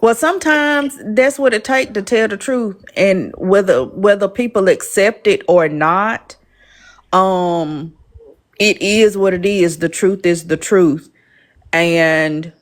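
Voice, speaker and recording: A woman hosting a live-stream panel, speaking calmly and thoughtfully, with frequent pauses. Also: mid-range voice. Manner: calm, measured, with frequent "um" pauses.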